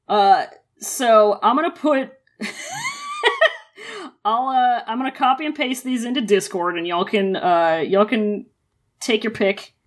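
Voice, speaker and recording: A woman co-hosting a podcast, chatting casually with lots of fillers and laughter. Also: on the high side. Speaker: podcast co-host. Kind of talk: casual chat.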